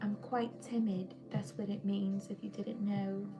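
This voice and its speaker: A woman's voice: mid-range voice, level tone, a little slow, loud music behind the voice. A woman hosting a casual live stream, playful and joking, drawing out words as she sounds them out. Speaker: livestream host.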